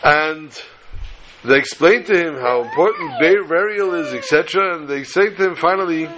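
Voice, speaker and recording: A man telling a story to a class in a lively way, repeating phrases and mixing in Yiddish and Hebrew terms. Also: fairly high pitch, normal speed, highs cut off, a crowd in the background.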